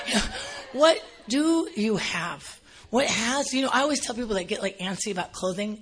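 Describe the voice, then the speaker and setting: Husky-voiced woman preaching with animated stories. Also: medium pitch, quick pace. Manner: animated storytelling, acts out shoppers in a gushing voice. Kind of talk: sermon.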